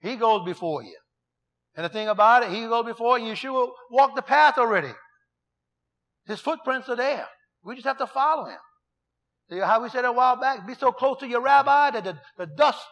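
A middle-aged man preaching a sermon in a folksy, emphatic way, reading scripture slowly and telling stories full of quoted dialogue. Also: high voice, animated, fairly bright tone.

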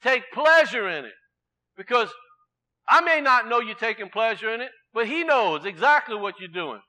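Bright high-voiced preacher. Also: male voice, sing-song, normal speed. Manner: folksy, rising to emphatic preaching then dropping to quiet storytelling. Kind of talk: sermon with a personal story.

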